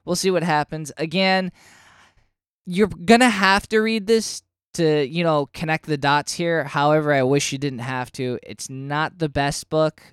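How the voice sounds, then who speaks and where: Podcast co-host, male, slightly higher voice, casual and animated, swears when riled. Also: a little slow, clean tone, no echo, clean studio sound. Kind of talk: casual comic book review chat.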